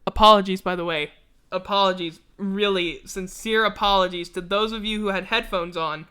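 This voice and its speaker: A man's voice: high voice, steady tone, moderate pace, pushed and bright, smooth. A man hosting a live stream, chatting casually and rambling, swearing freely and joking at his own expense while sounding yawny and tired. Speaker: livestream host.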